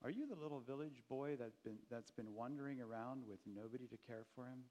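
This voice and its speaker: A man doing a gruff stern farmer. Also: medium pitch, brisk, darkish tone, lo-fi sound, natural voice. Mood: kindly. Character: gruff stern male farmer, kind underneath. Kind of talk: storybook reading.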